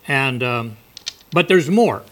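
A man's voice: mid-range voice, lively intonation, takes it slowly, a bit bright, a little hiss or hum. A male preacher giving a folksy, conversational sermon with asides.

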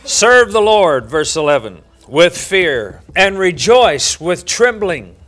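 A middle-aged male pastor preaching a sermon, telling a folksy story with many halting fillers. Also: high voice, big pitch swings, fairly bright tone.

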